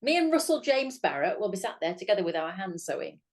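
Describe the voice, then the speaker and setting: A woman's voice: mid-range voice, very animated, fast talker. A woman co-hosting a sewing tutorial, talking in a gushing, enthusiastic way. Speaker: co-host of a sewing channel. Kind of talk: casual craft tutorial chat.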